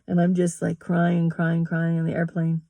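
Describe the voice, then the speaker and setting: A woman's voice: fairly low pitch, monotone, normal speed, vocal fry, mellow, no room sound. A middle-aged woman telling a personal story, candid and emotional, swearing and laughing between lines. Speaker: yoga teacher and vlogger.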